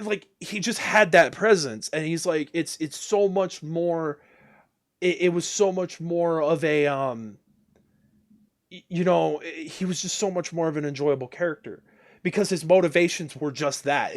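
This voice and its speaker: A man streaming a game, ranting casually and crudely with many restarts and exasperated outbursts. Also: on the high side. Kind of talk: casual ranting chat while gaming.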